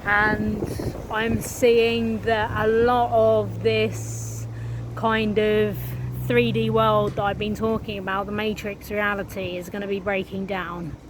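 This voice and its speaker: A woman's voice: medium pitch, little pitch movement, slow, background noise. A woman speaking in a casual spiritual monologue, earnest and drawn out, swearing freely. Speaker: spiritual vlogger.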